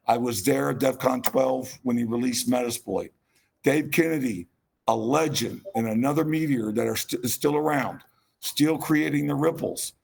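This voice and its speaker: A man's voice: mid-range voice, darkish tone, a little hiss or hum. A man giving a passionate, rambling conference keynote with self-deprecating asides. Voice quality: gravelly, husky. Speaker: keynote speaker.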